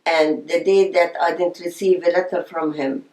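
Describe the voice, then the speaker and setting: An older woman recalls her past in an oral history interview. She tells it as a story, slipping into the voices of the people she remembers. Her voice sits fairly low and the room around her is echoey. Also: fairly even intonation, moderate pace, a little mellow. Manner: reminiscing, storytelling with quoted voices.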